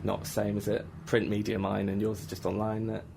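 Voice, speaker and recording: A man's voice: on the low side, completely flat delivery, quick pace, gravelly, warm tone, slight background noise. A man hosting a comedy radio show in a studio, teasing his guest and then reading his own rhyming rap poems with mock-boastful swagger. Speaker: radio host. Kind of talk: comic radio banter and rap poetry reading.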